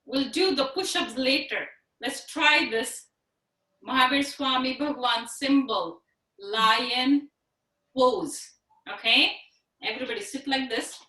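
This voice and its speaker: A woman teaching a children's yoga class over a video call, patient and encouraging, speaking slowly and clearly. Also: sits high, pushed and bright, far from the mic. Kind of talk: online class instruction for children. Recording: echoey room on a video call.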